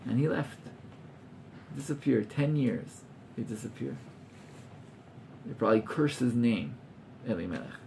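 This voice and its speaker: A man's voice: medium pitch, animated, unhurried, vocal fry, pauses often, darkish tone, a little hiss or hum. A man, a rabbi teaching an informal class to students, talking animatedly and acting out scenes with gasps while mixing in Hebrew terms.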